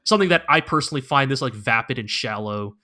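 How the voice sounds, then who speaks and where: Bright-voiced man rambling on a podcast. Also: mid-range voice, animated, fast talker. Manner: loose and rambling, lots of "like" and "right?". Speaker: podcast co-host. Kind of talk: casual chat.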